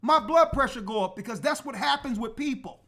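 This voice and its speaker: A man's voice: very high voice, a little fast. A man telling a personal story in a casual, emphatic way, acting out the people in it. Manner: animated, emphatic, acts out dialogue. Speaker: church elder and show host.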